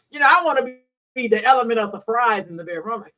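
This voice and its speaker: A woman's voice: on the high side, rapid-fire, bright, forceful tone, far from the mic, poor audio. A middle-aged woman talking frankly and bawdily to her audience, preachy and laughing often. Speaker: host; hospital worker. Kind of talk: candid solo talk.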